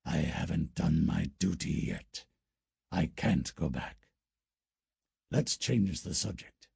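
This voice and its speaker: A male narrator voicing a gloomy alien warrior who speaks in a slow, sad, gravelly growl for an audiobook. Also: rumbling low, expressive, a little mellow, dry recording, clean studio sound, pitched below the performer's own voice, heavily acted. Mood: brooding. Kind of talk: audiobook character voice.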